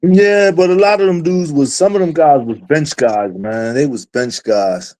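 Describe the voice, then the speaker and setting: A man's voice: fairly high pitch, a little slow, dark tone. A man from New Jersey, a guest coach on a podcast, chatting casually with short agreeing interjections. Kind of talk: casual chat.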